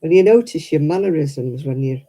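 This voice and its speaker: A woman's voice: low voice, animated, moderate pace, dark tone, low-quality recording. A middle-aged woman from England, chatting casually to camera at home and laughing often. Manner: chatty, laughs often, mimics other accents. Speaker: vlogger. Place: quiet room at home.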